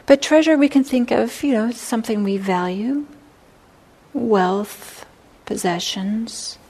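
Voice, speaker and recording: A woman giving a dharma talk, telling a Buddhist story in a measured way and explaining its terms as she goes. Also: a little high, darkish tone, low-quality recording. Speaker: Buddhist teacher.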